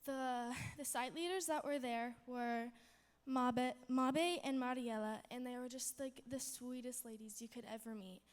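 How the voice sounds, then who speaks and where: A high-voiced young woman gives a rambling, bubbly testimony to a chapel audience, filling her sentences with "like" and "um". Her voice carries a long hall reverb. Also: steady tone, a little slow. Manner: bubbly, rambling, many fillers. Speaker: student giving testimony.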